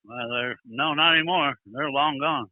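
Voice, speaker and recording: A man playing a gruff, profane older trucker caller with a Southern accent, drawling and touchy. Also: mid-range voice, normal speed, no echo, natural voice. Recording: tinny phone line.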